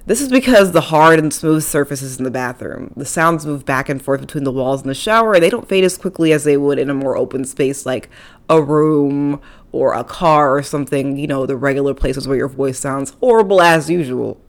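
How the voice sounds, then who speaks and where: Young female podcast host with a low-pitched voice, casual and chatty, quick to poke fun at herself. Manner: chatty, self-deprecating, playful asides. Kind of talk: casual solo podcast talk. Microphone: studio microphone.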